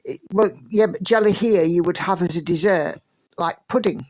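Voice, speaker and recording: A woman's voice: on the low side, moderate pace, a little mellow, low-quality recording. An English woman hosting a livestream, chatting and reading out viewer comments with lots of fillers. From England. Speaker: livestream host.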